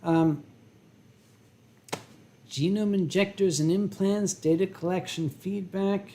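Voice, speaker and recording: A man in his fifties hosting a casual live stream while drinking wine and answering chat. He talks in a slow, rambling, profane way, with dramatic pauses and theatrical swings between loud outbursts and quiet asides. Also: high-pitched, steady tone, a little hiss or hum. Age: 50s.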